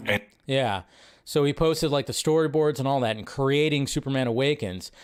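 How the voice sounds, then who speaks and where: A man's voice: mid-range voice, normal speed, clear, resonant tone, soft background music. Chatty man hosting a movie stream. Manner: chatty, rambling, repeats phrases, laughs easily. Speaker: host of a live movie news stream. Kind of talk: casual live-stream commentary.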